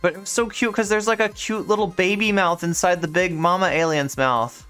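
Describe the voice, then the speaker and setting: A woman streams a game and chats casually, rambling with lots of filler words. Her voice is smooth and clear. Faint game music plays underneath. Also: fairly low pitch, fairly even intonation, a little fast, fairly bright tone. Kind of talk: casual live-stream chat while gaming.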